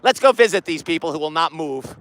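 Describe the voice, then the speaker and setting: Excitable high-voiced man rambling on the street. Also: brisk, dry recording, poor audio. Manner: excitable, loud and rambling, talks to his phone. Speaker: street vlogger. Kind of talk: rambling comic street vlog. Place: outdoors on a city street. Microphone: phone camera set down nearby.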